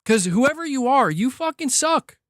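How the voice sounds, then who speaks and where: A male streamer on a live show, heated and cursing as he rants about games. His voice sits high and swings widely up and down. The sound is close and dry, with no room around it. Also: normal speed, dry recording. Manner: heated, animated, swears freely. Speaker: streamer host. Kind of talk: casual livestream rant.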